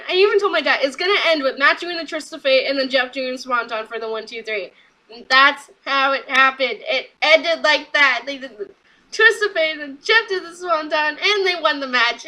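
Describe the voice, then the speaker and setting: Recapping a wrestling show in a low-quality recording, this young female reviewer sounds bright, high-pitched, and excited. She chats away casually and slips in quick asides where she performs what people said.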